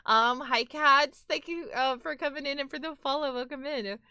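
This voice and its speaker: Bright-voiced woman with a New York accent. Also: sits high, moderate pace, no echo, clean studio sound. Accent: New York, Brooklyn-tinged. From near New York City. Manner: chatty, animated, swears and says "like" a lot. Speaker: live streamer. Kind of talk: casual chat with viewers. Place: home.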